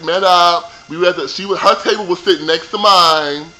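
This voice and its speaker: Poor audio captures a high-voiced young man at a moderate pace, his tone bright and forceful. He's a vlogger reviewing a reality show, casually ranting about the reunion with plenty of sass and profanity.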